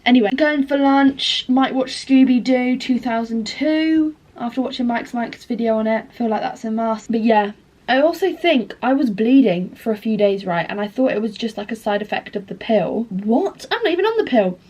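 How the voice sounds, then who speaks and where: This is a young woman's casual vlog voice, pitched a little on the high side. She rambles candidly and swears freely. Her asides are dry and self-mocking, and she moves from topic to topic with animated energy. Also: normal speed. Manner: animated, jumps between topics. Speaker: vlogger.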